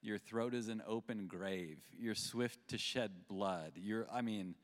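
A man's voice: lowish voice, unhurried. A man on a faith panel, talking reflectively about Scripture with some restarts. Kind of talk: panel discussion. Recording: long hall reverb.

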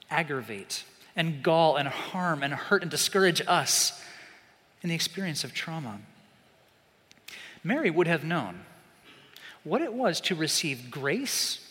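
A man preaching a sermon, animated, swinging from loud emphasis to hushed, slow asides. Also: a little high, big-room sound.

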